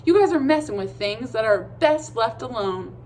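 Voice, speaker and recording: A woman's voice: a little high, expressive, moderate pace, darkish tone, slight background noise. Storybook reading, know-it-all boy, exasperated and lecturing, put on by a woman reader.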